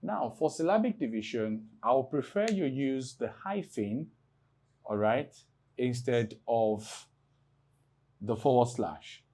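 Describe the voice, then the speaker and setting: A man from Nigeria teaching an exam prep English lesson, explaining slowly and spelling words out letter by letter. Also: mid-range voice, animated, dark tone, husky. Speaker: English tutor.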